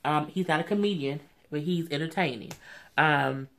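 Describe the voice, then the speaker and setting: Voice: moderate pace, a bit bright. Chatty, opinionated recap vlogger. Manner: opinionated, chatty, often says "you know what I'm saying"; acts out quotes in a high, mocking voice.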